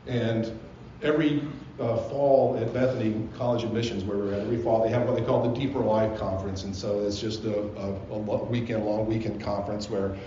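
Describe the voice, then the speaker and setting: A man's voice: on the low side, steady tone, brisk, hardly any pauses, mellow, slight background noise. A man, a pastor, delivering a sermon as earnest personal storytelling in a church. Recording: roomy, slightly dull live sermon recording.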